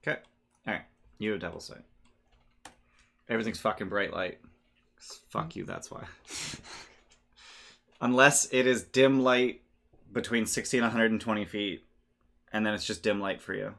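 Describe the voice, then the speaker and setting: A man narrating as game master in a relaxed, rambling way, his voice a bit worn. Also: on the low side, moderate pace, creaky, pauses often. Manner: relaxed, rambling, laughs often. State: losing his voice.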